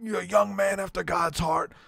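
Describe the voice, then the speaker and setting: A man putting on the voice of a fervent male revival preacher, praying in drawn-out, impassioned shouts. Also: steady tone, creaky, dry recording, heavily acted. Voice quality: loud, high and strained.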